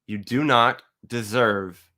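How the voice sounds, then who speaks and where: A man giving a heated, profane monologue to his viewers, blunt and argumentative, sometimes reading a passage aloud slowly. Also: mid-range voice, pushed and bright. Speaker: atheist video host. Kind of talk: ranting monologue to camera.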